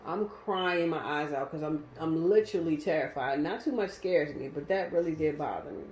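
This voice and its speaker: A woman's voice: sits low, lively intonation, normal speed, darkish tone, a little hiss or hum. Woman telling a personal story, emotional and vivid, recorded in an echoey room. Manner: vivid, emotional retelling with acted-out quotes. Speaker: guest telling her story. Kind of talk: casual storytelling. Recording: roomy echo.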